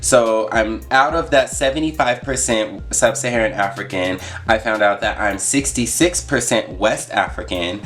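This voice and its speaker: A man's voice: fairly low pitch, moderate pace, hardly any pauses, fairly bright tone, soft background music. A young man talking casually on his vlog, chatty and full of fillers and asides. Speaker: YouTuber.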